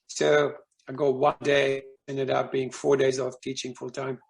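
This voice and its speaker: A man's voice: mid-range voice, monotone, measured pace, vocal fry. A man speaking as a guest, telling a personal story in a casual, rambling way with many fillers and restarts.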